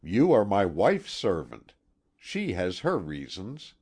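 A man's voice: lowish voice, wildly swooping pitch, slow, darkish tone, breathy edge, full character voice. A man voicing a serious, formal husband who speaks stiffly. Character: grave, serious middle-aged husband.

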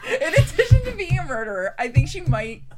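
Brief: young woman co-host, high and lively voice, exasperated laughing rants. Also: brisk, over loud music. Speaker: podcast co-host. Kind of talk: casual movie-recap chat.

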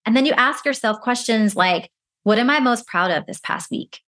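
A woman's voice: fairly high pitch, moderate pace, a bit bright. A woman speaking as a career break coach in an interview, giving encouraging advice and acting out little inner voices.

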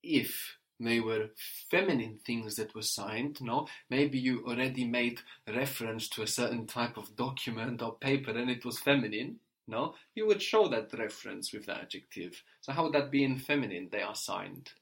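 A man's voice: mid-range voice, moderate pace, few pauses, fairly bright tone. A man teaching a spoken language lesson, patient and explanatory, who often tags his sentences with a questioning "no?".

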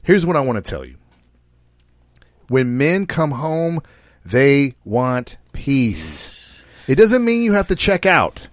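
A man's voice: mid-range voice, wildly swooping pitch, slow pace, long pauses, dry recording, clean studio sound. A man hosting a podcast, talking casually in a brash, profane and preachy way, often speaking straight to the listeners. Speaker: podcast host.

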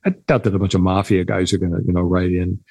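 A man trades sardonic political jabs as a radio talk host. His voice has a gravelly, rough edge, and the studio sound is dry and close. He keeps the tone wry. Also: deep voice, steady tone, fast, a little mellow, no room sound. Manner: sardonic, jumps into playful voices when quoting. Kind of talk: political debate banter.

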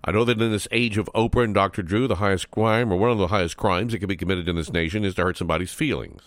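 A man with a lowish voice running a talk radio monologue, folksy and sarcastic, needling his targets with mocking asides. The sound is dry and close, straight into a studio microphone with no room around it. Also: fairly even intonation, fast talker, no room sound. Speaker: radio talk show host.

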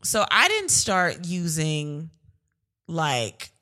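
A woman's voice: deep voice, wildly swooping pitch, extremely slow, sharp tone. A young woman co-hosting a podcast, talking candidly in casual chat with lots of fillers. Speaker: podcast co-host.

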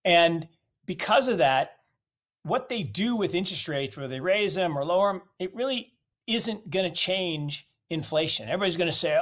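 A man's voice: high-pitched, expressive, normal speed, fairly bright tone. A man giving opinionated market commentary in an interview, emphatic and fond of rhetorical questions. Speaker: guest commentator.

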